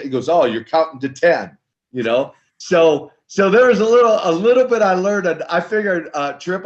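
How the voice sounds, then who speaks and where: An older man who went from wrestler to minister tells stories in an interview, animatedly acting out the dialogue as he goes. His voice is on the high side at a normal speed, and the recording has a slightly dull lo-fi sound.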